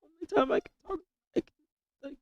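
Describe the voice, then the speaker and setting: A young man streaming live with a hoarse, cracking voice from illness, rambling and swearing in casual chat. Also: moderate pace, no room sound, highs cut off. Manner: coarse, rambling, swears a lot, repeats himself.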